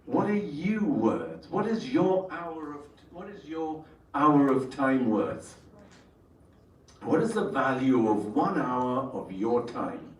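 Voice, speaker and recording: A male trainer speaks to entrepreneurs at a workshop, drawing the room in with questions. His mid-pitched voice echoes around the space and sounds a little distant from the mic. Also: expressive, slow pace. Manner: engaging, asks the audience questions. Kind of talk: storytelling workshop talk to entrepreneurs.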